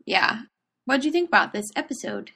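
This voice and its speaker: A woman with a bright, crisp-edged voice co-hosting a podcast. She keeps the talk casual, laughing often and answering quickly. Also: high voice, animated. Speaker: podcast co-host.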